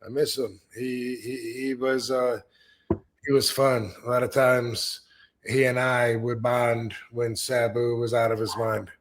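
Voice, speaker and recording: A man's voice: mid-range voice, flat delivery, measured pace. A middle-aged man, a podcast host, telling laid-back stories in casual chat and swearing freely. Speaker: podcast host, former wrestler.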